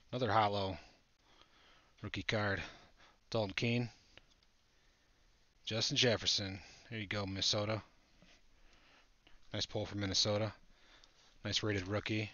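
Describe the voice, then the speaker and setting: A man hosting a live trading-card break, chatting excitedly with viewers as he opens packs. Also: lowish voice, a little slow, long pauses, no echo. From Buffalo area, United States. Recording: dull lo-fi audio.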